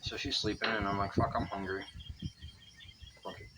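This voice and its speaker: Outdoors by the water, a young vlogger tells a long, rambling story in a casual video, chatty and cursing freely. His voice is on the low side with a flat delivery at a moderate pace, and the recording is very noisy.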